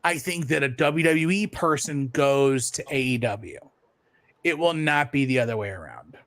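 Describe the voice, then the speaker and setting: A man in a casual podcast chat, opinionated and quick with short replies. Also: mid-range voice, fairly bright tone, no room sound.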